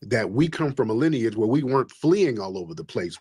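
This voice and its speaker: A man's voice: medium pitch, very animated, a little fast, few pauses, a little mellow, breathy edge, no room sound. A man hosting a call-in livestream, preachy and emphatic, repeating his points. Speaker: livestream host. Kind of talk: combative call-in livestream talk.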